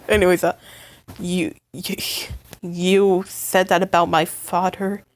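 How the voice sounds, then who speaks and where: A woman voicing an upset young partner in a fight with the listener, stammering and halting in emotional outbursts. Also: fairly low pitch, flat delivery. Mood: bitter, angry. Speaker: voice actor in a listener role-play. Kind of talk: listener role-play audio drama.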